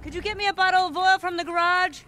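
Gentle, affectionate young mom, very high voice, game audio with crowd chatter behind. keep it tender. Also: female voice, steady tone, fast talker. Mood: caring. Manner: gentle, affectionate, calls her child honey. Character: caring young mother fussing over her daughter.

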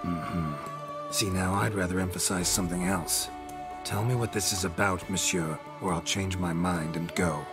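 An actor playing a gruff, terse male monster hunter with a dry way of talking. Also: deep voice, fairly even intonation, moderate pace. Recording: game audio with music underneath.

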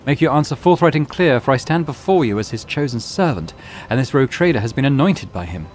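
A man's voice: mid-range voice, animated, quick pace, a little mellow, slight background noise, voice pushed up, natural voice. A man voicing a zealous, commanding starship captain in a video game, speaking firmly. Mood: forceful.

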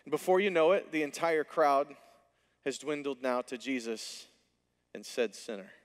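A man preaching a sermon from a church stage, his voice sitting a little high for a man. He tells the story with lively animation and slips into the characters' lines. His words ring out with a long reverb from the hall. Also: a little slow. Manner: animated storytelling, acting out dialogue. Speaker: pastor.

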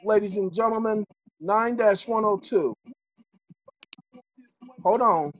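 A woman giving a casual lecture to viewers, reading legal definitions aloud and breaking into loud, emphatic asides with repeated phrases. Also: medium pitch, slow, highs cut off, faint music behind. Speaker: online commentator.

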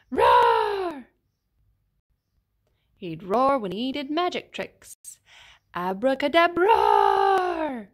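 A woman reading a children's picture book aloud in an expressive, sing-song storytelling manner. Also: on the high side. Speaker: storybook reader.

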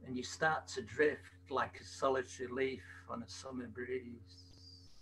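A man reads his verse at an unhurried, soft pace, his voice sitting a little high and rough with fry. He is performing at an open mic through a video call. A faint hum runs under the recording. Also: steady tone. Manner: slow, soft-spoken delivery with gravelly fry. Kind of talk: poetry reading and sung parody over video call.

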